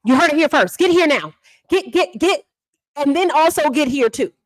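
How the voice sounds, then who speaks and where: A woman, a mother, chatting casually as she recaps online drama in an animated, repetitive, slangy way. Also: sits high, moderate pace, no echo. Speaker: livestream drama commentator.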